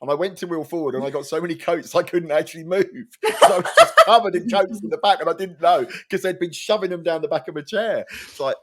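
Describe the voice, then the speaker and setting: A man co-hosting a casual chat, quick and jokey, often mocking himself. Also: a little high, animated, fairly bright tone. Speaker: co-host.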